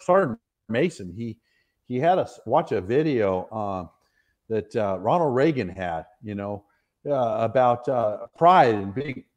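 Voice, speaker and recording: A middle-aged American man, a retired soldier, telling stories as a podcast guest in an earnest, rambling way with frequent laughs. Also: medium pitch. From United States. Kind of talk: casual interview storytelling.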